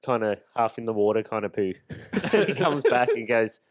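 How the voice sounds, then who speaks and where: A man co-hosting a podcast, spinning a tale with easy laughs and a loose, rambling delivery. His voice sits at an ordinary middle pitch. The sound is dry and a little dull, as if it comes from a close mic in a small home studio. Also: animated, normal speed, no echo. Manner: laughing anecdote-telling, loose and chatty. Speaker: podcast co-host. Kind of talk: casual storytelling chat.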